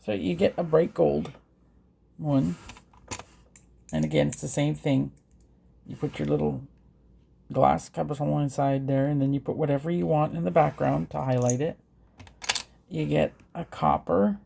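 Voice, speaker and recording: A woman's voice: deep voice, steady tone, unhurried, gravelly, pauses often, dark tone, slight background noise. A woman vlogger chatting casually and hesitantly as she unboxes and reviews craft supplies. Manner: chatty, hesitant, with fillers and self-corrections.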